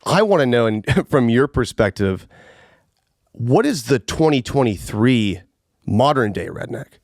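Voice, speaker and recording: A man's voice: medium pitch, very animated, a little slow, no echo, clean studio sound. A young man from Atlanta, hosting a podcast and speaking casually and enthusiastically, with easy laughter. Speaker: podcast host. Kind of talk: casual podcast intro and chat.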